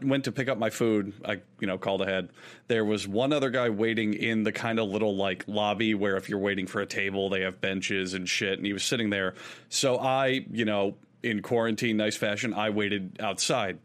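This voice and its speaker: A man's voice: lowish voice, a bit bright. A man co-hosting a casual podcast, telling a long story in a rambling, laid-back way with fillers and laughs. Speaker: podcast co-host.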